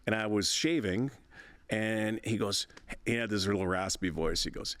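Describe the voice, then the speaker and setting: A man's voice: lowish voice, normal speed, a bit bright, no echo. A man in his sixties, a veteran broadcaster and interview guest, telling stories in a chatty, rambling way with frequent laughs and restarts. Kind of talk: casual interview storytelling.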